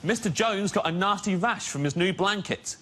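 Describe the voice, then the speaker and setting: A man doing deadpan stand-up comedy on a TV panel show, with a wry delivery. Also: high-pitched, moderate pace, background noise. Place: TV studio with live audience. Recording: loud studio audience laughter.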